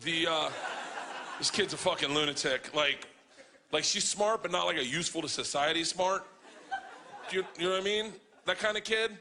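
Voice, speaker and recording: A man performing stand-up on a club stage, telling stories in a profane, animated way. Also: on the high side, normal speed. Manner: profane, animated, acting out voices. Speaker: stand-up comedian. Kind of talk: stand-up storytelling.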